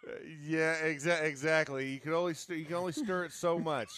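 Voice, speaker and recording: A man co-hosting a casual sports chat, excitable, laughing often and tripping over his words. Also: a little high, a little fast, slight background noise. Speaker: co-host.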